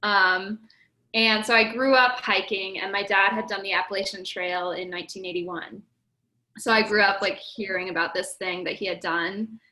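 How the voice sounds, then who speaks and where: Bright, chatty young woman. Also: medium pitch, steady tone, normal speed, rough recording. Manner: chatty, laughing often, lots of "like". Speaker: podcast guest, record-setting hiker. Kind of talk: casual podcast interview.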